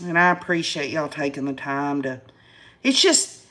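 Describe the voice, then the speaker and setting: With a low, expressive voice that's a bit bright, a Tennessee woman in her fifties rants to her live-stream viewers at normal speed. She hosts the casual YouTube stream in a Southern accent, using folksy country phrasing.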